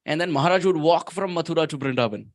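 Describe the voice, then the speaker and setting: High-voiced man giving an emphatic sermon. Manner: emphatic storytelling, slow chanting of verses. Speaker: guest speaker at temple.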